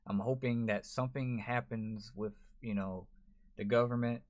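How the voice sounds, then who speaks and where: A gaming YouTuber talks to camera in an emotional vlog, his medium-pitched voice steady and moderately paced. He comes across frustrated and rambling, with lots of restarts.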